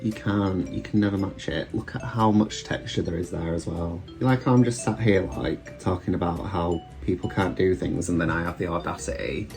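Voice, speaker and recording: A man's voice: deep voice, normal speed, hardly any pauses, darkish tone. A British man, a drag queen, chatting casually and self-deprecatingly while doing his makeup at home. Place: room at home. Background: faint background music.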